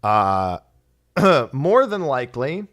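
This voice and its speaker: A man hosting a casual discussion show, animated and laughing often. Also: mid-range voice, slow pace. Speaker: podcast host. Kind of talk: casual chat.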